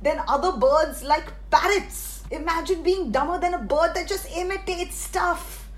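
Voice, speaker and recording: A woman's voice: extremely high pitch, measured pace. A woman, a comedian guest on a podcast, ranting in a sarcastic, mock-outraged way. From India.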